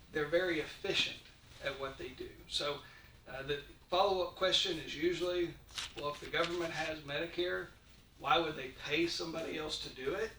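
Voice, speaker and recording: Consultant man, bright and a bit high, plain explainer, recorded far off in a reverberant meeting room. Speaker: insurance consultant. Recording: echoey room, distant mic, faint noise.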